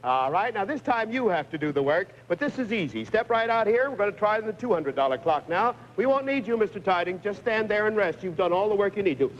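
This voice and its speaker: A man hosting a live TV game show, briskly explaining stunts and coaxing contestants on, heard through a 1950s broadcast recording. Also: high-pitched, animated, slight background noise. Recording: dull 1950s TV broadcast with long reverb.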